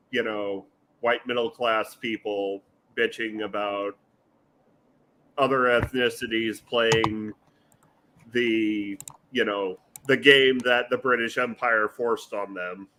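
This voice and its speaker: A man's voice: medium pitch, a bit bright, slight background noise, low-quality recording. A man hosting a podcast in casual chat, hesitant, with many fillers and restarts. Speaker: podcast host.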